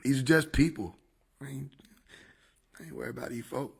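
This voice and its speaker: A man's voice: medium pitch, brisk, vocal fry, very noisy. A man casually chatting on a livestream into a desk microphone, joking, swearing and laughing often. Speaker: streamer.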